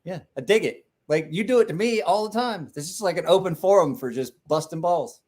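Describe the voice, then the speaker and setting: A man's voice: sits high, fairly quick, a little mellow. A man hosting a casual podcast, teasing his friend with lots of swearing and laughter. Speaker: podcast host. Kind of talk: casual banter.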